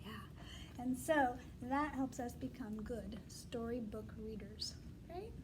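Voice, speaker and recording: A woman teacher with a high voice reads a storybook to young children. She is animated and coaxing and keeps inviting them to say the words with her. A faint hum of the room sits behind her. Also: slow. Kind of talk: storybook read-aloud lesson for young children.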